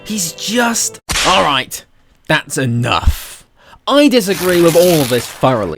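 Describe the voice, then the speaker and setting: A man's voice: fairly high pitch, very animated, slow pace, loud music behind the voice. A Welsh man doing casual video commentary, talking animatedly and sarcastically and swearing freely. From Wales. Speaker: YouTuber.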